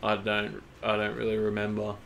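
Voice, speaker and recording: A man's voice: fairly low pitch, monotone, moderate pace, gravelly, fairly bright tone, a little hiss or hum. A young man giving brief, laid-back answers in a casual chat. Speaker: guest.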